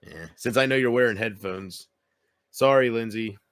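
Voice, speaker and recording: A man's voice: mid-range voice, normal speed, no room sound, clean studio sound. A man chatting casually on his own livestream at home, rambling and self-deprecating as he talks straight to his viewers. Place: home room. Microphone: computer mic with headphones.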